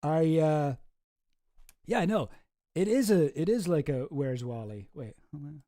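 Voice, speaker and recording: A man's voice: fairly high pitch, animated, unhurried, dark tone, dry recording, studio quality. A man chatting casually on a livestream in a rambling, offhand way that often trails off. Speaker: streamer and video creator.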